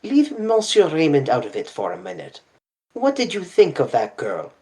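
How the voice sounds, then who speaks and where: A reader voicing a fussy, sharp-minded older male detective who asks precise, probing questions. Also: mid-range voice, huge pitch swings, moderate pace, husky.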